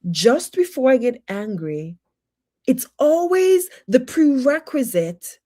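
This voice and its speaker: A woman's voice: high voice, big pitch swings, slow, dark tone. A woman teaching personal development on a livestream, emphatic and full of rhetorical questions, with faith-based encouragement.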